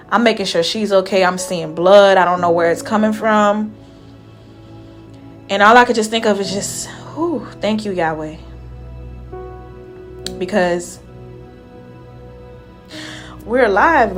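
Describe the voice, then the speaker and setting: A young woman hairstylist talking casually to the camera in a vlog, retelling events in an emotional, chatty way and often trailing off softly. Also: medium pitch. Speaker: hairstylist vlogger.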